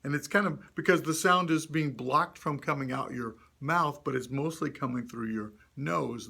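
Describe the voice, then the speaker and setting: A man's voice: medium pitch, moderate pace, vocal fry, few pauses, bright, forceful tone, slightly rough. A man teaching puppet character voices to a group, demonstrating sounds and cheering learners on. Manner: encouraging, demonstrates voices then asks learners to try. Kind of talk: instructional talk to a group.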